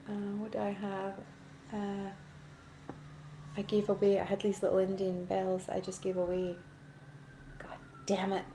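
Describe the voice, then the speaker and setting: A woman's voice: medium pitch, slight background noise. A woman in a chatty, rambling and self-deprecating casual chat to camera, answering fan requests as an actress.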